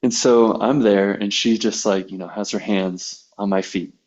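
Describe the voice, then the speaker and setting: A man with a fairly low voice tells a personal story in relaxed podcast conversation, slipping into the voices of the people he quotes. The recording is a bit dull and lo-fi. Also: normal speed. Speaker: podcast guest, massage therapist.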